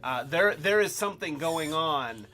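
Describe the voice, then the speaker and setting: A man hosting a casual toy live stream, rambling and halting, with many restarts and fillers, and calling himself by a nickname in the third person. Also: a little high, expressive, sharp tone, slight background noise. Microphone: webcam.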